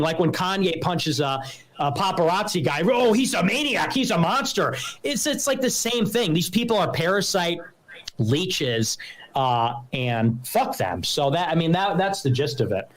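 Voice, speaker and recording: A man's voice: a little high, a bit bright, low-quality recording. A man hosting a livestream, ranting casually and emphatically, mocking others in put-on voices. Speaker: livestream host.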